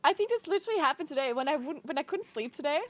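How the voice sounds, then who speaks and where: A woman's voice: sits high, lively intonation, rapid-fire. A woman streamer chatting casually on a live stream into a streaming microphone, laughing often and swearing freely as she talks in loose restarts. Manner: giggly, breaks into frequent laughter. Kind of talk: casual livestream chat.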